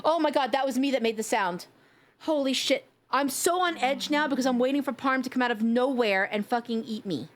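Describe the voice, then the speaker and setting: A woman's voice: sits high, brisk. A young woman with a New York accent, chatting playfully on a live stream, joking, swearing and laughing often. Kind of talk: casual live-stream chat.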